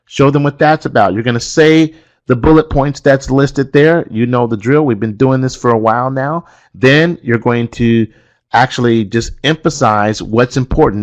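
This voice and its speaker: Guy coaching other trainers thru a lesson, steady mid voice, keeps hammering the key points. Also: medium pitch. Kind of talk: instructional walkthrough.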